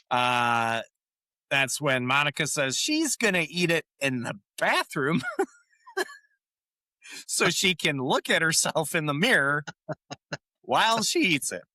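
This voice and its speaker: Laughing podcast host, lively unhurried recap. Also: mid-range voice, no room sound, clean studio sound. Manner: laughs often while retelling scenes; acts out quoted lines in changed voices. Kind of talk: casual episode recap chat.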